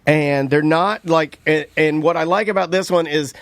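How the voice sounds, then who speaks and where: A middle-aged man co-hosting a podcast in casual chat, rambling and halting with frequent laughs. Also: fairly high pitch, dry recording, clean studio sound. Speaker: podcast co-host.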